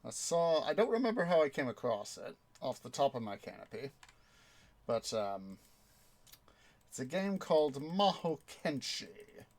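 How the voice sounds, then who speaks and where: A man's voice: a little high, big pitch swings, unhurried. A young man hosting a gaming channel, chatting casually while he plays, rambling and hesitant with lots of fillers. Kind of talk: casual gameplay commentary.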